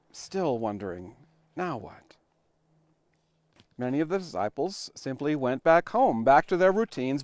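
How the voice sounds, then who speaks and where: A male pastor preaching a sermon, telling it like a story with dramatic pauses and sudden shifts between loud emphasis and hushed, quiet lines. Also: medium pitch, no echo, studio quality. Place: church online worship recording.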